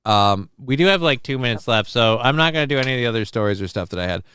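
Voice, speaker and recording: A man's voice: medium pitch, animated, fast, sharp tone, clean tone, no echo. A man hosting a casual livestream, riffing crudely and sarcastically and reading chat messages aloud. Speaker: show host.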